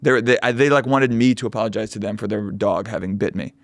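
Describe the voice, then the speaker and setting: A young man co-hosting a podcast, ranting with sarcastic, quick asides in casual banter, close to the mic. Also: fairly low pitch, little pitch movement, gravelly, no echo. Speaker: podcast co-host.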